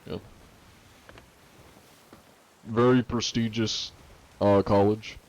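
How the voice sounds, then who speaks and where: A man's voice: fairly low pitch, flat delivery, extremely slow, a little mellow. A 21-year-old American man streaming and joking sarcastically while answering questions from chat. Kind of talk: casual livestream chat.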